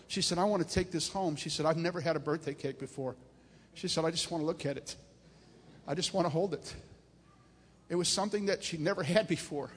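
A man preaching with a high voice, telling long stories to his congregation. He builds in force and pitch as he drives his points home. His voice rings through a big, reverberant hall. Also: a little fast. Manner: animated preaching, rising and loud at climaxes. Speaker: pastor. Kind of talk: storytelling sermon.

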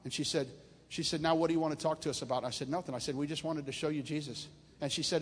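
A man preaching with a high voice, telling long stories to his congregation. He builds in force and pitch as he drives his points home. His voice rings through a big, reverberant hall. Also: quick pace. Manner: animated preaching, rising and loud at climaxes. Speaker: pastor. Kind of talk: storytelling sermon.

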